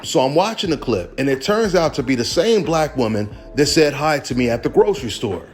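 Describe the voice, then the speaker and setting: A man's voice: mid-range voice, expressive, a little fast, soft background music. A man casually telling viewers a personal story in a chatty, conversational way. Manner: chatty, conversational, says "right?" often. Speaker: channel host.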